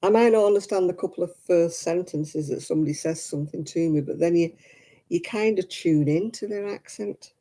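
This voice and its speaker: A man's voice: high voice, a little fast, mellow. A man hosting a crafting livestream, chatting casually with viewers, laughing often and answering comments. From Manchester, England.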